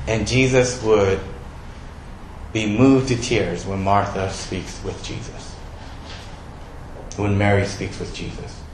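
A man's voice: medium pitch, roomy sound, a little hiss or hum, low-quality recording. A male pastor giving a sermon in a conversational way, asking his listeners questions.

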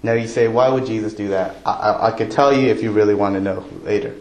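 A man's voice: lowish voice, fairly even intonation, fast talker, darkish tone. A man preaching a sermon, talking to the congregation in a conversational way and asking them questions. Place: church. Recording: roomy church echo.

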